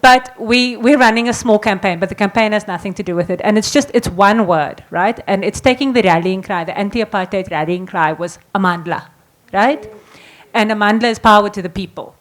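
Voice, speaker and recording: A woman's voice: mid-range voice, brisk. A woman speaking at a conference panel, talking playfully and then rousing the audience to chant with her. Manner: rallying, playful, coaxing the audience. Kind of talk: energetic panel talk.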